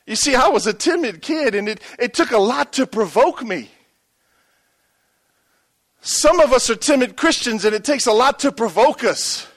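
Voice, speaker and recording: A man's voice: extremely high pitch, animated, normal speed, fairly bright tone. A middle-aged pastor preaching a sermon, telling a story and calling out to his congregation for a response.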